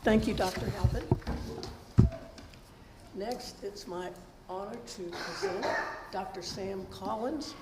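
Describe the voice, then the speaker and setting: Woman moderator, formal introductions, roomy echo, clear background noise. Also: medium pitch, takes it slowly, long pauses. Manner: announcing, reads prepared bios. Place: public hearing hall. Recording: echoey hall with noise.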